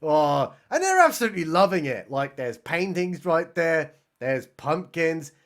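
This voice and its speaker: Male reviewer, high lively voice, sarcastic deadpan recap with sudden excited yelps. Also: unhurried. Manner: mocking, exclaims often, swings between deadpan and excited outbursts. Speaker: movie reviewer. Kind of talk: sarcastic comedic film recap narration.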